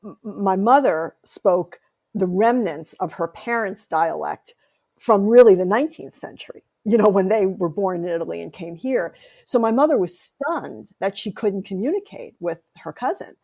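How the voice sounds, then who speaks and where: An American woman speaks as a guest on an interview podcast, answering at length with lively anecdotes. Her voice carries a gravelly, creaky edge, and her pitch sits at an ordinary middle height for a woman. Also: moderate pace. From United States. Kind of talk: conversational interview.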